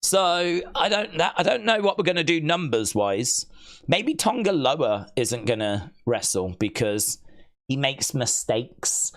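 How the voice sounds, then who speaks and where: A man's voice: fairly high pitch, big pitch swings, unhurried, a bit bright. A man hosting a live stream, chatting casually, reading viewer comments aloud and playfully mock-scolding viewers he calls kids.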